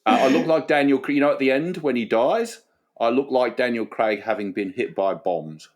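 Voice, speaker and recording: A man's voice: medium pitch, moderate pace. A man co-hosting a podcast, dry and sarcastic in a casual chat. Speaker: podcast co-host.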